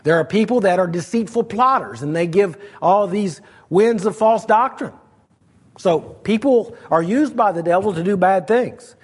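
Husky-voiced man preaching a sermon. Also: sits high, normal speed. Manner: reads scripture aloud, then explains verse by verse. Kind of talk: expository sermon.

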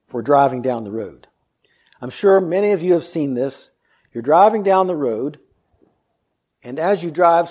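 A man's voice: a little high, darkish tone, slightly rough, highs cut off. A man preaching an earnest sermon, reading scripture and explaining it with rhetorical questions.

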